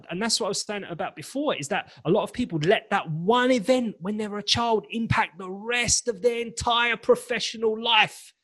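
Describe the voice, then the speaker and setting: A man's voice: high-pitched, moderate pace, hardly any pauses, a bit bright. A man being interviewed as a confidence coach, talking emphatically and acting out snippets of inner dialogue. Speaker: guest, confidence and presentation coach. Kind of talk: animated podcast interview.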